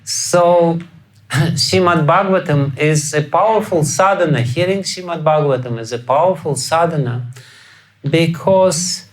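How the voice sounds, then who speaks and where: A man's voice: on the high side, a little slow, low-quality recording. A man with a Russian accent lecturing on scripture as a spiritual teacher, chuckling often and asking rhetorical questions. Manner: acts out quoted voices with sudden loud outbursts. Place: lecture hall.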